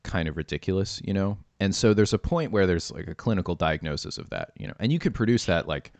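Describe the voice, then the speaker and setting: Low-voiced male host, loose and chatty, filler-heavy, laughs easily. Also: big pitch swings, fast talker, creaky, darkish tone, no echo. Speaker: podcast host. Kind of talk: casual podcast chat.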